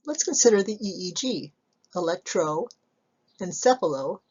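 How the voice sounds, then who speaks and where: A woman psychology instructor giving a recorded slide lecture, measured and explanatory, often asking rhetorical questions. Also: on the low side, animated, a little mellow, husky, highs cut off.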